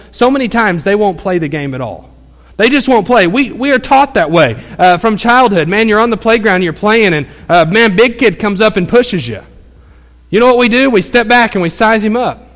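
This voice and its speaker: A man delivers a sermon in a homespun, storytelling way, dotting his talk with "uh" and "um." His voice sits a little high for a man and climbs as he drives a point home. The sound carries a long reverb from a large hall. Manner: folksy storytelling with many fillers; grows louder and higher as he presses his point. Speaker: pastor.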